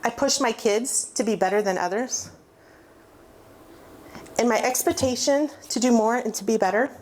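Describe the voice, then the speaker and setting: A woman's voice: mid-range voice, a little mellow. A woman in her forties giving a personal testimony, candid and self-mocking as she tells her story. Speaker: recovery testimony speaker.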